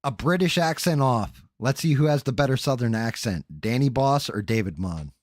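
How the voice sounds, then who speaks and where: Casual male stream host, profane and joking, mid-pitched voice, dry close-miked sound. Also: lively intonation, normal speed, dry recording. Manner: loose, profane banter with the live chat. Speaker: podcast host. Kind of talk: casual livestream chat.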